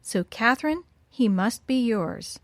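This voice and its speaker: A woman voicing a kindly, sly little old woman in a storybook tale, speaking in a gentle, coaxing way. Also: a little high, animated, unhurried, no echo.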